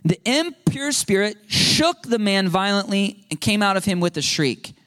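A man preaches to his congregation in a high, lively voice. He asks the listeners questions and tags his points with right and okay, rising to shouts at times. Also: moderate pace. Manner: animated, rising to shouts when quoting demons. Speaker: pastor. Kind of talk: sermon.

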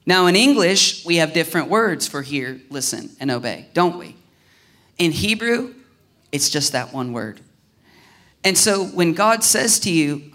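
A male pastor with a faint Southern Ohio accent delivers a sermon in a relaxed, talky way. His voice sits high for a man, and he slips into quick acted-out exchanges to make his points. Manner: animated, acts out little dialogues in voices; casual, conversational preaching with restarts.

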